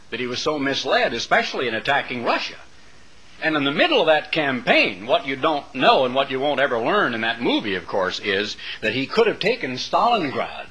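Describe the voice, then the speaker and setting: A man delivering a rambling, opinionated monologue as a radio talk show host, with many pauses and fillers. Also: medium pitch, pushed and bright, poor audio.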